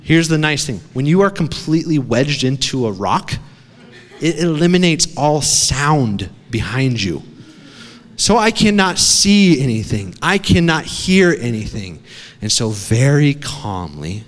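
A man's voice: mid-range voice, sing-song, unhurried. Dramatic male pastor in an echoey hall. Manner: dramatic, swings from hushed to shouting. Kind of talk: sermon storytelling. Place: church.

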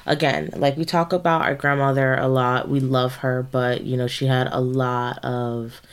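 A woman's voice: extremely low pitch, flat delivery, moderate pace, clear, resonant tone. Woman cohosting a podcast, loose rambly storytelling, um and like everywhere. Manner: rambling, filler-heavy storytelling. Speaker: podcast co-host. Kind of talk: casual chat.

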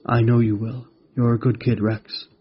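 A man voicing a calm, wise glowing mantis guardian in a storybook, speaking gently and explaining patiently. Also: mid-range voice, moderate pace, slight background noise, close to an everyday voice. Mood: warm. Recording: dull lo-fi recording.

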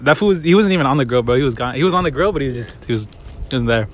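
A man's voice: medium pitch, lively intonation, very fast, slight background noise. A young man telling a story in casual chat, rambling and laid-back. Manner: rambling, laid-back, says bro a lot. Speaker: coworker guest. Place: fast-food restaurant after closing.

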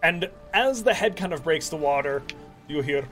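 Male game master, high and animated, vivid scene narration. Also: moderate pace, soft background music. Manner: vivid descriptive narration with lively pitch.

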